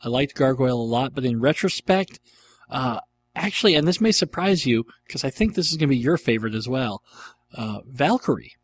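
This middle-aged man fields listener questions on his casual podcast, talking a little fast in a slightly rough, mid-range voice with lively intonation. His delivery is rambling and enthusiastic, packed with ums and uhs.

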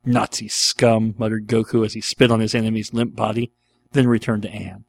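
A man's voice: lowish voice, little pitch movement, a little fast, gravelly, a little mellow. A man reading a dramatic fan fiction aloud in an earnest, storytelling manner. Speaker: narrator.

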